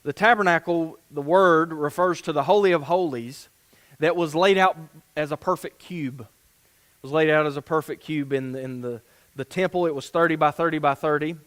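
Earnest clear-voiced male preacher. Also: on the high side, moderate pace, fairly bright tone. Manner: earnest, restarts phrases, reads scripture aloud with emphasis. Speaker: pastor. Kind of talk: sermon.

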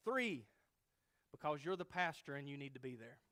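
A man's voice: on the high side, sing-song, moderate pace, bright, forceful tone. A man voicing an exasperated mother who rouses her grown son out of bed and counts off her reasons in a raised, insistent voice.

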